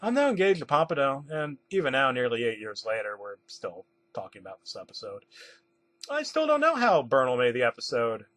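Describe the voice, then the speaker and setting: A man narrating a comedic creepypasta in a deadpan storytelling manner. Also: medium pitch, brisk.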